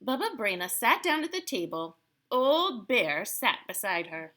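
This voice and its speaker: Expressive woman reading a picture book. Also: mid-range voice, unhurried. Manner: expressive, adds playful asides to listeners. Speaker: storyteller. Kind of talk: picture book read-aloud.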